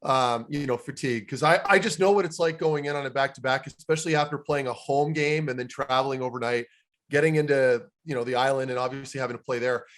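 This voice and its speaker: A man's voice: medium pitch, steady tone, quick pace, a bit bright. A man co-hosting a podcast, chatty and joking, asking long rambling questions. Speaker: podcast co-host. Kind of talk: casual interview chat.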